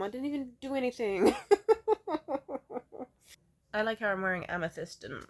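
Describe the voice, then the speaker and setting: At home, a young woman opens up on her vlog with a medium-pitched voice, lively intonation, moderate pace and long pauses. She swears plenty and laughs often, is a bit tearful, and veers from loud outbursts to soft mumbles.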